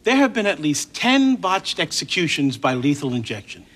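An earnest, lively defense lawyer. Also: male voice, fairly high pitch, normal speed. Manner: formal courtroom pleading. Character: earnest male defense lawyer arguing in court. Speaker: defense attorney in a TV drama.

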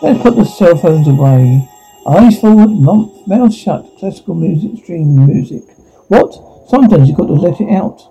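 A man's voice: high-pitched, lively intonation, moderate pace, vocal fry, dark tone, husky, soft background music. A man reading all parts of a teen drama scene aloud, speaking the sound cues between the lines, on a dull lo-fi recording.

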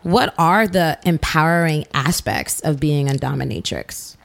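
Chatty woman host, lowish voice. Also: animated, a little slow, vocal fry. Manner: chatty, playful, swears casually. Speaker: interviewer host. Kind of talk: casual interview chat.

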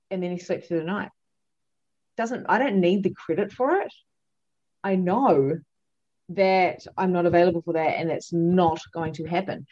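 Low-voiced woman telling a story emphatically. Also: normal speed, long pauses, muffled recording. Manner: animated, emphatic, with frequent fillers. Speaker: psychic medium and coach, podcast guest. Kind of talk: casual storytelling chat.

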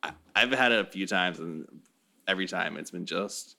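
A man's voice: low voice, normal speed, vocal fry, bright, forceful tone. A man in casual chat, blunt and a bit hesitant.

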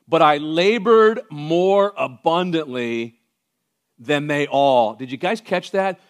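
A man preaching a sermon to his congregation. He moves between hushed, intimate passages and loud, emphatic ones, with conversational joking asides. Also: fairly high pitch, slow pace. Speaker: pastor.

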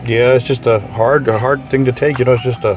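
A male host runs an interview, asking questions and reacting with eager, repeated exclamations. His voice sits at an ordinary pitch. Faint music plays in the background. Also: steady tone, brisk.

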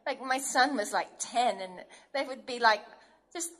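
Woman preacher, high voice, earnest and emphatic, sermon delivery. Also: unhurried, a bit bright.

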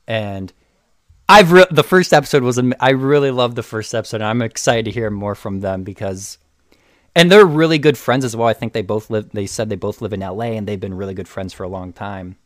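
A man's voice: on the low side, fairly quick, no echo, studio quality. A young man co-hosting a podcast, chatting casually and rambling with frequent restarts. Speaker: podcast co-host. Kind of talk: casual chat.

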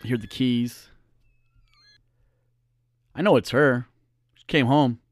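A man's voice: medium pitch, takes it slowly, no echo, studio quality, soft background music. Blunt, cursing middle-aged male storyteller. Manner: blunt, profane, acts out the voices. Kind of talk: casual personal storytelling.

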